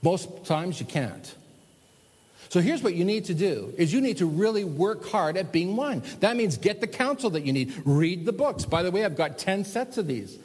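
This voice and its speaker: A man preaches a sermon with animated swings between loud emphasis and hushed, slowed lines. His voice sits a bit high with a husky edge. A long reverb hangs after his words, as if in a large hall. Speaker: pastor.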